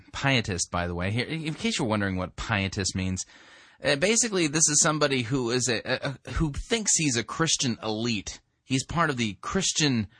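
A man's voice: medium pitch, very animated, moderate pace, a bit bright, breathy edge, dry recording, studio quality. A man reviewing a sermon with sarcastic, dismissive commentary.

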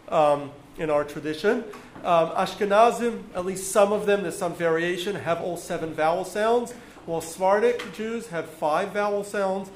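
A man with a fairly high voice explains step by step to a class, pausing often with ums. The sound rings around an echoey room with a faint hiss underneath. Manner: patient, explanatory with frequent ums. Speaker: teacher.

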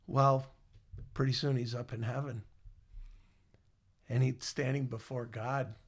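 A man's voice: mid-range voice, flat delivery, a little slow, slightly rough. A middle-aged man, a guest on a podcast, reflecting on his career in a rambling, storytelling way. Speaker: guest, former mall marketer.

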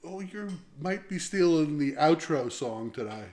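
A man's voice: a little high, expressive, measured pace, darkish tone, a little hiss or hum. A man hosting a casual podcast chat, teasing his co-host, often hesitating and restarting his sentences.

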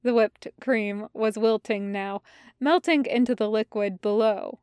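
A woman reading a fan story aloud as audiobook narration, in a measured, even storytelling manner. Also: mid-range voice, smooth, no room sound, studio quality. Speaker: podfic reader.

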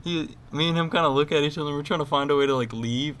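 A man's voice: on the high side, fast, a bit bright. Rambling young man telling crude stories. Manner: rambling storyteller, crude joking, lots of fillers. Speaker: podcast co-host. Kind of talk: casual chat.

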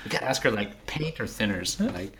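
A man hosting a casual chat, teasing his mother and firing quick questions while laughing a lot. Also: fairly low pitch, lively intonation, crowd noise. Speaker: host.

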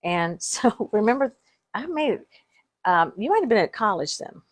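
A middle-aged woman tells family stories in easy, casual chat. She laughs often and restarts her sentences as she goes. Her voice sits at an ordinary middle pitch. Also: big pitch swings, moderate pace. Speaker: podcast co-host.

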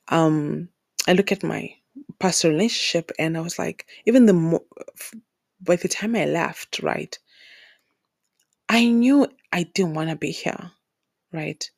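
A woman's voice: on the low side, dry recording, clean studio sound. A woman from Zimbabwe hosting a solo podcast, talking earnestly and repeating words for emphasis. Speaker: podcast host. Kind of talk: heartfelt solo podcast talk.

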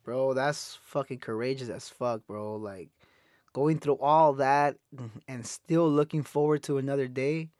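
A man's voice: mid-range voice, fairly even intonation, a little slow, darkish tone, no room sound, clean studio sound. A man hosting a podcast who chats in a laid-back, slangy way, reacting to his guest. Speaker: podcast host. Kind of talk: casual chat.

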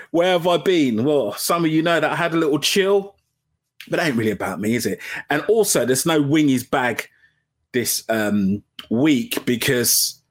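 A man hosting a casual solo boxing podcast, chatty and self-mocking. He drops into low mumbles and then jumps up into loud, high bursts. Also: slightly rough. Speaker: podcast host. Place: at home, sitting under a blanket. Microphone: home podcast mic.

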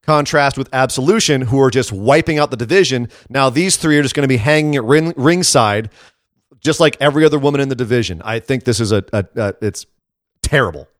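A man's voice: mid-range voice, brisk, no room sound. Man, co-host, casual opinionated chat, sarcastic edge, dry close sound. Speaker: wrestling podcast co-host.

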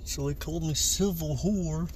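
Male podcast co-host with a high voice, crude and joking, casual banter. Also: normal speed, slight background noise. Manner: joking, swears a lot, sings song snippets.

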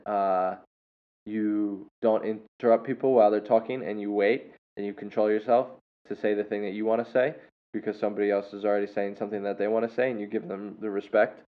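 A man hosting a show and telling a story in a casual, rambling way, with many fillers and self-corrections. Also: lowish voice. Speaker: podcast host and English teacher. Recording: tinny phone-like sound.

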